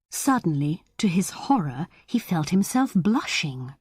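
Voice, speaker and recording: A woman narrating an audiobook of a short story in a measured, expressive way. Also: deep voice, breathy edge, dry recording, clean studio sound.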